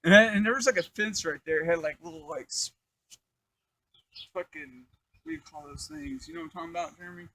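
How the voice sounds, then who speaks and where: A man's voice: sits high, expressive, fast, long pauses, sharp tone, rough recording. A young man telling a crude life story in a casual, rambling, profane way, full of fillers.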